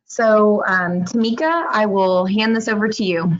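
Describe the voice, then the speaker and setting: A woman's voice: mid-range voice, fairly even intonation, unhurried. A woman hosting an online session, introducing the guest speaker in a hesitant way with many fillers. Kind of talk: webinar introduction. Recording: slightly muffled call audio.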